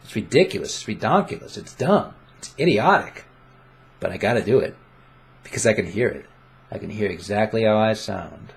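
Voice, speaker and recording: Playful rambling young man, low voice. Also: lively intonation, moderate pace, creaky. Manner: playful, self-mocking, rambling with restarts. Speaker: vlogger. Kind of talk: casual rambling vlog. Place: home room with webcam. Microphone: desk condenser mic.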